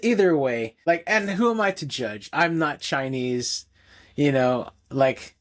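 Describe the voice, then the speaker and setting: A man's voice: on the high side, expressive, unhurried, a bit bright. A man co-hosting a film podcast, talking casually and rambling, with many restarts. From United States. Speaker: podcast co-host. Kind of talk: casual film review chat.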